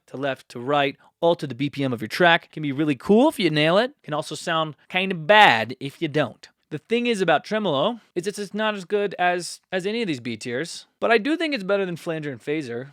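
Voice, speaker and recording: Male tutorial host, slightly high voice, casual and self-mocking, close dry mic. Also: fairly bright tone, no room sound. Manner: chatty and self-mocking, with quick asides. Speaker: music producer and tutorial host. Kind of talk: casual tutorial, ranking plug-ins. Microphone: close studio mic.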